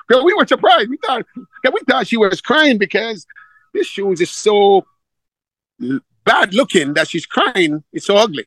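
A man's voice: high-pitched, moderate pace, no room sound, rough recording. A middle-aged man from Jamaica with a Jamaican accent, a football coach telling stories in a casual interview and acting out the voices of the people he quotes. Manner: animated storyteller, acts out quoted dialogue.

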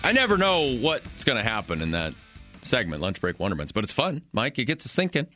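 A man's voice: medium pitch, wildly swooping pitch, fairly quick, pushed and bright, soft background music. A man hosting a sports talk radio show, bantering and teasing his co-host.

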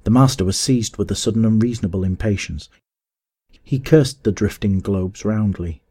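A man reads a classic adventure story as an audiobook, measured and steady. His voice is on the low side with a breathy edge.

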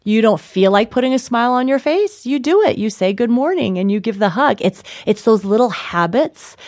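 Laughing woman telling a lively story. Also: a little high, normal speed, no room sound, clean studio sound. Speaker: author and interview guest. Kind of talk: interview storytelling.

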